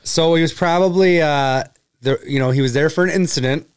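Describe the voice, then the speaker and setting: A man's voice: fairly high pitch, a little fast, clear, resonant tone, no echo. Male host, easygoing, prompts the guest. Resonant voice, dry studio sound. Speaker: podcast host. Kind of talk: casual chat.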